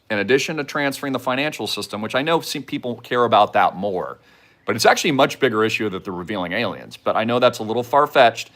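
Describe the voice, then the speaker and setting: A man holds forth as the host of his own channel, talking straight at his audience in an urgent, conspiratorial tone. His pitch sits in an ordinary middle range but leaps sharply upward when he gets worked up, then sinks back to low, muttered asides. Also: fairly bright tone. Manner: emphatic, swings from low mutters to high outbursts; conspiratorial, addresses viewers directly. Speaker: show host. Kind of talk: monologue to camera.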